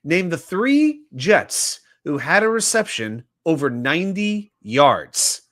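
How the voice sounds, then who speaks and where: A man hosting a casual sports talk livestream, running trivia and reading viewer comments aloud with a joking manner. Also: on the high side. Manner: animated, reads viewer chat aloud and jokes. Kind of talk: casual live-stream chat running trivia.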